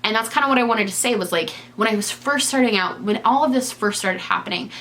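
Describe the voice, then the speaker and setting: A woman's voice: a little high, quick pace, a bit bright, slight background noise. A young adult woman talking candidly in a casual vlog while knitting. She often stops and restarts her sentences. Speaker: vlogger. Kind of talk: casual confessional chat.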